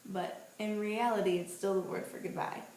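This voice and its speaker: A young woman in her twenties chats to a handheld camera, telling stories in a lively, playful way. The sound is roomy and echoey. There is a faint hum of ambient noise behind her. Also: medium pitch, normal speed. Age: 20s. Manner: chatty, animated, playful storytelling. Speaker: vlogger. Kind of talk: casual vlog monologue. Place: outdoors on a street at night.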